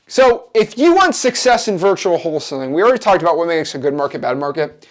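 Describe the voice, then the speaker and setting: Animated, hyped-up male wholesaling coach. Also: high-pitched, quick pace. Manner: animated, repetitive, hyped-up motivational delivery. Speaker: real estate wholesaling coach. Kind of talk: energetic coaching lecture.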